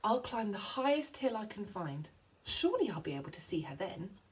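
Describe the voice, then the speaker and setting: A woman's voice: medium pitch, very animated, normal speed, natural voice. A woman voicing a meek little boy wombat. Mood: hopeful. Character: lost little male wombat, slow and thoughtful.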